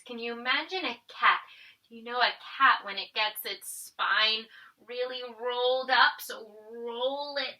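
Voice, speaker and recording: A woman teaching a family yoga class. She gently guides each pose step by step and counts the breaths. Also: a little high, recorded from a distance, low-quality recording. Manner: calm step-by-step guiding, counting breaths, switching between English and Spanish. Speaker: yoga instructor.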